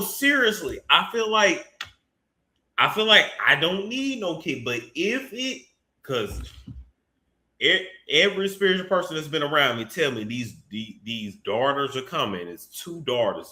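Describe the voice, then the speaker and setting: A man hosting celebrity gossip commentary, talking in a profane, mocking way with sudden bursts of shouting. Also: on the high side, sing-song, measured pace. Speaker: commentary host. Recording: echoey room.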